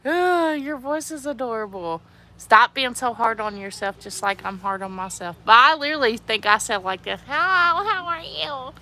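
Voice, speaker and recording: A young woman chats casually on a livestream, reading viewer comments aloud in a slightly high, youthful, childlike voice at normal speed. She giggles, laughs often and stays animated.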